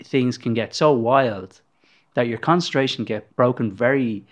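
A man's voice: mid-range voice, measured pace. A man co-hosting a casual podcast, asking questions hesitantly and restarting often as he searches for words. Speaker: podcast co-host.

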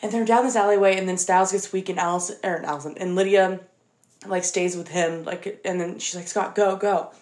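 A woman's voice: fairly low pitch, steady tone, a little fast, a little mellow, echoey room. A young woman in casual chat, retelling a story animatedly with lots of fillers.

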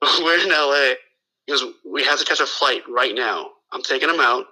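A man's voice: mid-range voice, moderate pace, sharp tone, rough recording. A man from the Los Angeles area telling a long story in casual chat, profane and full of restarts and quoted dialogue.

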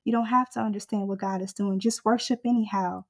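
A woman's voice: mid-range voice, steady tone, fairly quick. A woman preaching a sermon with fervent, rhythmic exhortation that builds in intensity through repeated refrains.

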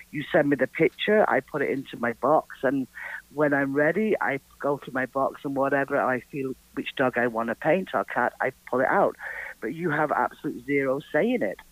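A man's voice: mid-range voice, dry recording, rough recording. A man, an artist, chatting casually in an interview and acting out quoted conversations as he tells stories. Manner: animated storyteller, acts out quotes. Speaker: artist guest.

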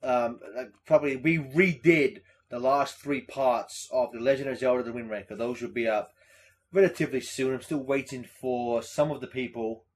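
A young man hosting a casual podcast chat, swearing freely and breaking into loud mocking impressions. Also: mid-range voice, steady tone, moderate pace. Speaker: podcast host.

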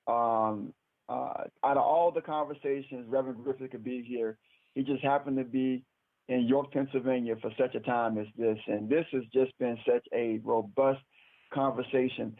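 A man's voice: mid-range voice, fairly even intonation, normal speed, no echo. A man hosting a call-in broadcast, encouraging his guests and repeating himself. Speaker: host. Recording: tinny phone line, dry.

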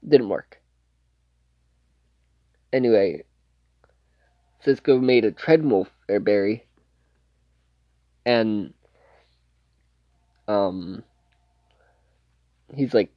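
Slow, rambling man recapping a show. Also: fairly low pitch, dry recording, lo-fi sound. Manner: rambling, with restarts, quoting scenes loosely. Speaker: TV show reviewer. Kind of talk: casual plot recap.

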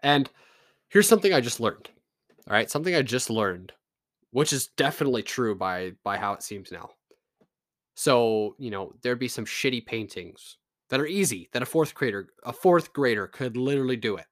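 A man from Canada rants in a loose, profane, sarcastic style, talking straight to his viewers. His voice sits at an average pitch for a man. The sound is close and dry, with no room echo. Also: lively intonation, moderate pace. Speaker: vlogger. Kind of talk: casual rant to camera.

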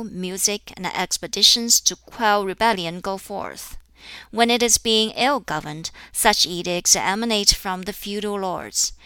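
A woman reading an audiobook of a classic text aloud in a measured, deliberate way, keeping the dialogue close to her own voice. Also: mid-range voice, pushed and bright, clear, resonant tone, no room sound. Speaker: audiobook reader. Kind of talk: scripted narration of a classic text.

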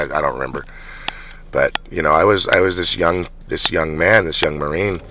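Man, very low voice, middle-aged, rambling personal vlog, restarts and fillers, noisy car background. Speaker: vlogger. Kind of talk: personal storytelling monologue.

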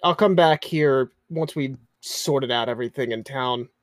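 A player stammering through apologies and plans at the game table, tripping over his words again and again. The voice sits at a middle pitch, recorded close and dry with no room sound. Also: unhurried, no echo. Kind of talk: tabletop role-play.

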